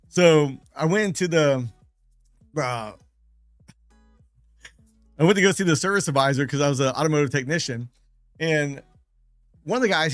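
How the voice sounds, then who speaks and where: A man with a slightly high voice spins loose, chatty stories on a live day-trading stream, laughing between anecdotes and leaning on repeated phrases for emphasis. His voice is dry and close, with soft music playing faintly underneath. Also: no room sound. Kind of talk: casual storytelling on a live stream.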